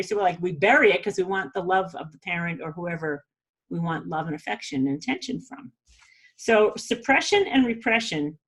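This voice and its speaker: A woman hosting a podcast, giving a casual, chatty spiritual talk with frequent laughs and fillers. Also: fairly low pitch. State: a little weepy. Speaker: podcast host.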